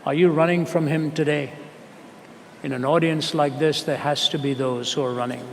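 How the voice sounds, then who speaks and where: An earnest male preacher tells a story and presses his listeners with rhetorical questions, slowing down to stress key words. His voice sits fairly high for a man. The sound rings with the long reverb of a large hall over a faint background hiss. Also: fairly even intonation. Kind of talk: storytelling sermon. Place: large hall with a live audience.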